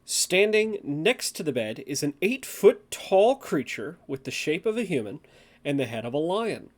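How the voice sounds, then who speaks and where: A game master describing a scene to the players in an unhurried, descriptive way. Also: medium pitch, sing-song. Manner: unhurried, descriptive, laughs easily. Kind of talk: tabletop game narration.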